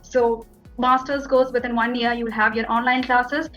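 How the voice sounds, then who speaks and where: Young Indian woman, casual interview guest, a bit high-pitched, dull lo-fi audio. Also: little pitch movement, moderate pace, a bit bright, faint music behind. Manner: chatty, fillers like "like" and "you know".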